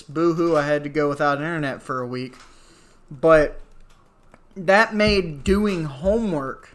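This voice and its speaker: A man's voice: on the high side, fairly bright tone. A man in his twenties ranting casually to his viewers, exasperated and sarcastic, swearing freely and rambling through asides. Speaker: vlogger. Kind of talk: casual rant to camera.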